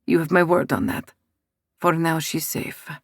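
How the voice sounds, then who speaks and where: A woman voicing a commanding Italian mafia boss, an adult man who speaks low and soft with an Italian accent. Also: steady tone, measured pace, no echo, studio quality. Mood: firm.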